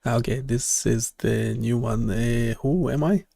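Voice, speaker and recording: Slow, gravelly-voiced man thinking aloud. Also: mid-range voice, steady tone, mellow, no echo. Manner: halting, thinking aloud with many fillers. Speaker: web developer streaming live. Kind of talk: casual live-stream talk.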